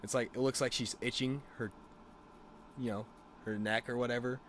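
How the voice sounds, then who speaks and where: A man's voice: medium pitch, fairly even intonation, normal speed, slight background noise. A man streamer rambling through a crude, casual story with lots of fillers.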